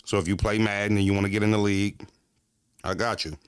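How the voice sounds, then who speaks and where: Animated streamer man, dry close mic. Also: on the low side, quick pace, clear, resonant tone, dry recording. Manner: animated, profane street slang, talks back to chat. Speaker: streamer reacting to chat. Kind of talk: casual livestream talk.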